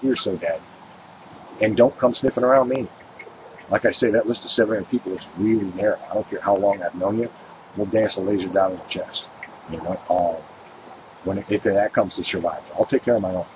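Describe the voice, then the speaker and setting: A man's voice: on the low side, darkish tone, a little hiss or hum, poor audio. A man hosting a radio show, delivering a blunt and emphatic political monologue that hammers its points through repetition.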